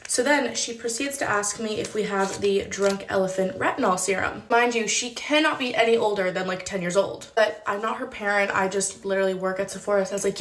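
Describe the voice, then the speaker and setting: A woman's voice: medium pitch, fast, hardly any pauses, fairly bright tone, reverberant. A woman and former store employee telling a casual storytime vlog, chatty and full of "like" fillers, acting out the people she quotes. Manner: chatty, many "like" fillers, acts out quoted voices.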